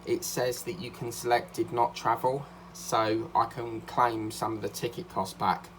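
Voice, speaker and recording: A man's voice: medium pitch, steady tone, measured pace, a little hiss or hum. Rambling, slightly breathless man. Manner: rambling, many fillers and restarts. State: a little out of breath. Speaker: craft vlogger. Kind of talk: casual chat.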